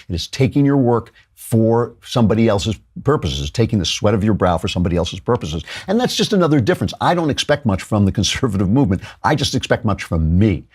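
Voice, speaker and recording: Male talk host, opinionated and quick, low-pitched, husky, very animated intonation. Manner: fast, argumentative, laughs mid-sentence. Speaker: political talk show host. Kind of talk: opinionated commentary.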